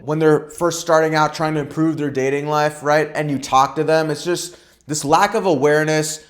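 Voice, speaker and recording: A young man talks straight to camera as a dating coach, in a slightly high voice. He is blunt and emphatic, listing problems in quick runs and ending his points with "right?" or "all right?". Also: fairly bright tone. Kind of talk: direct-to-camera advice vlog.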